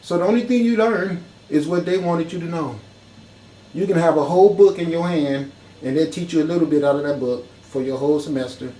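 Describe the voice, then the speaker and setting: A man's voice: fairly high pitch, fairly quick, warm tone, rough recording. A man giving an impassioned, profane talk full of rhetorical questions. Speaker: speaker in a discussion.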